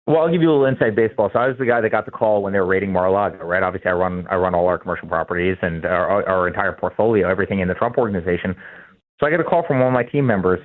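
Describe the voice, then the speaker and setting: A man's voice: deep voice, very fast. A man in his forties, the guest in an interview, speaking emphatically and often repeating words as he starts sentences. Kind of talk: fast, heated interview talk. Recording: tinny phone-line sound.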